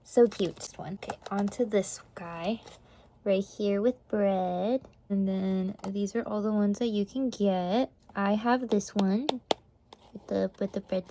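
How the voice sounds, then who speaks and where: A young woman chatting casually in an unboxing vlog, gasping and gushing excitedly. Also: medium pitch, a little slow, a little hiss or hum. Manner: gushing, gasping, excited over cute toys. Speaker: vlogger.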